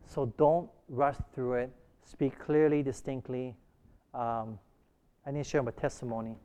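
A man's voice: mid-range voice, fairly even intonation, mellow, smooth. Middle-aged male church teacher, light Hawaiian Pidgin accent, reading quotations in a lesson, prompting the class for answers. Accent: light Hawaiian Pidgin English. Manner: pauses for the class to call out answers.

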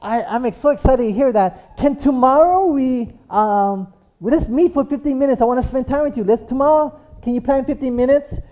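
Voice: high voice, brisk, dark tone, natural voice. A preacher voicing an eager young woman asking the man she loves to spend time with her, in a slightly raised voice. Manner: eager, hopeful.

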